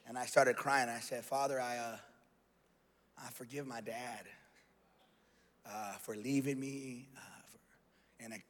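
A man, a pastor, preaching a sermon and telling a personal story, moving from hushed passages to shouted exhortation. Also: medium pitch. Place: large church hall. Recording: long hall reverb.

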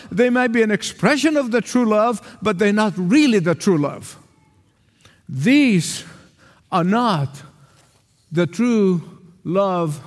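A man from the Arab world preaches with a high voice and an emphatic, repetitive cadence. His words echo with a long reverb through the church hall. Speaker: pastor. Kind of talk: sermon.

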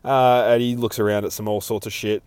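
A man's voice: fairly low pitch, flat delivery, a little fast, a little mellow, clear, resonant tone, dry recording. A man hosting a podcast, recapping a comic in a casual, profane, rambling way and laughing often. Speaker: podcast host.

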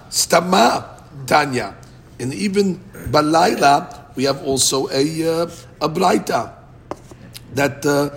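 A man's voice: mid-range voice, creaky. A man teaching a Talmud study class, explaining in English with chanted Aramaic quotes and frequent restarts.

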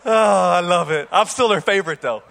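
A young man preaches to a congregation in a church hall, telling a playful story at an energetic clip. His voice sits noticeably high for a man, and he often restarts his sentences and repeats words as he goes. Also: normal speed, vocal fry, a little hiss or hum. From Cuban. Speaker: pastor. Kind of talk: sermon with personal story. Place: church auditorium before a congregation.

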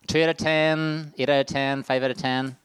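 A man's voice: medium pitch, level tone, moderate pace, clean tone, no room sound. Upbeat man running a group quiz. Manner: upbeat quizmaster, reading out multiple-choice answers. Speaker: workshop leader. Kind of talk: interactive quiz with a youth group.

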